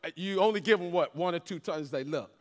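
A middle-aged pastor from the Washington, D.C. area speaks in a high voice and talks fast. He tells a humorous personal testimony during a sermon, storytelling with animation and joking with the congregation as he goes.

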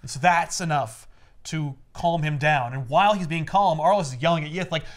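A man casually recapping a comic book for friends, animated and acting out character lines in quick voices. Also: on the high side. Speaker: comic podcast host recapping a comic.

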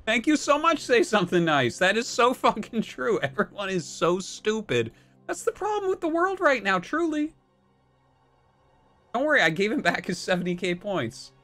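A man in his thirties ranting live on stream, swearing freely and sounding fed up with his opponents and chat. His pitch leaps and dips through a lively, animated delivery. Faint game music plays softly behind his close desk mic. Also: moderate pace. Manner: ranting, exasperated, heavy swearing. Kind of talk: live-stream commentary while playing.

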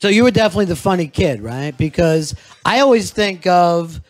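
An older radio host talks in a laid-back, teasing manner, drawing stories out of his guest. His voice is quite high for a man. It is casual live chat. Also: animated, fairly quick. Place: comedy club stage, live.

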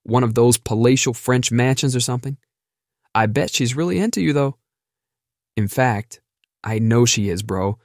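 A man's voice: medium pitch, moderate pace, pauses often, no room sound, clean studio sound, natural voice. A man playing a confident young male friend who talks in a breezy, joking way. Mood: teasing.

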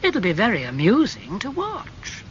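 A man reading aloud, voicing a witty aristocratic gentleman who speaks coolly and cynically in a storybook. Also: high voice, huge pitch swings, measured pace, pitched above the performer's own voice, full character voice. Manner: cool, amused, clever delivery. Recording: slightly muffled with faint hum.

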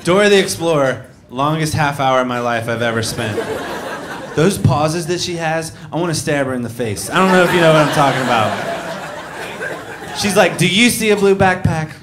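A young male stand-up comic with a somewhat high voice, telling stories into a handheld mic on a club stage. He slips into little voices for the kids and pushes up loud for the punchlines. It is a live recording, with steady crowd noise and laughter behind him. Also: moderate pace. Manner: conversational storytelling, acts out kids and shouts punchlines. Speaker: stand-up comedian. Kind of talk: stand-up comedy set. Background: audience laughter.

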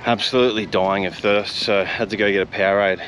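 Casual Australian vlogger, young man, fairly low voice, easygoing banter, heavy outdoor noise. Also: steady tone, fairly quick, fairly bright tone. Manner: laid-back, chatty, laughs often. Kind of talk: casual vlog chat. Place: outdoors by the road and beach, windy. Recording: outdoor noise from wind and traffic.

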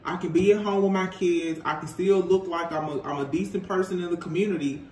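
A man acting out a selfish, narcissistic man who lays out his demands as plain common sense, dropping into a lower voice for him. The sound is roomy, picked up from a distance with a faint hiss. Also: steady tone, a little fast, a little mellow, close to an everyday voice. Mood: smug. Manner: entitled, matter-of-fact demanding.

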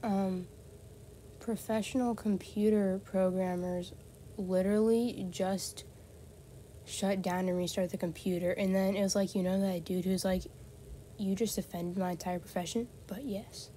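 A woman's voice: mid-range voice, fairly even intonation, a little slow, mellow, a little hiss or hum, low-quality recording. A woman chatting casually with a friend while they play a game together, giggly, playful and chatty. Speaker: gamer playing with a friend. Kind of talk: casual chat over gameplay.

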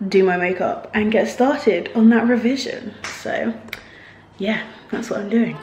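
A woman's voice: mid-range voice, unhurried, a little hiss or hum. A young woman, a university student, chatting casually to her camera in her student kitchen in a gushing way full of "like" fillers. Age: young adult. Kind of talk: casual vlog chat to camera. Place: kitchen in student accommodation, indoors. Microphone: handheld camera or phone. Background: music playing under the voice.

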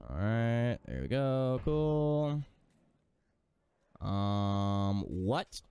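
Frustrated man ranting through his own gameplay, smooth clear voice, faint music behind, lots of cursing. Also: mid-range voice, sing-song, drawn-out words, mellow, no echo. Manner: exasperated, swears a lot, rants at the game. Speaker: gaming streamer.

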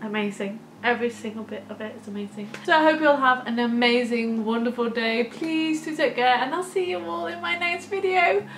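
Giggly high-voiced woman in her thirties. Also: a little fast, hardly any pauses, a bit bright, reverberant, slight background noise. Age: 30s. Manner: giggly and gushing, breaks into laughter. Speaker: music reaction YouTuber. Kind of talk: excited casual reaction chat.

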